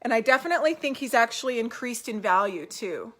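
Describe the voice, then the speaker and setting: A woman's voice: a little high, expressive, fairly quick, fairly bright tone. Upbeat woman chatting at home. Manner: upbeat, encouraging, rambling with fillers. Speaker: doll collecting vlogger. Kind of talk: casual talk to camera.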